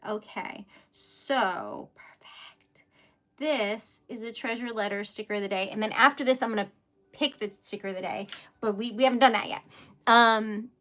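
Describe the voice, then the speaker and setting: A woman's voice: a little high, normal speed, fairly bright tone. A woman live streaming while she crafts. She talks in an emotional, flustered, giggly way and sounds teary and shaky.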